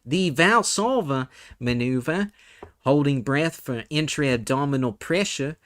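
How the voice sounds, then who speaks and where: Lively-pitched, unhurried male podcast host. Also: dry recording, studio quality. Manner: laughs often, rambling with many fillers and restarts. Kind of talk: casual comedic podcast chat.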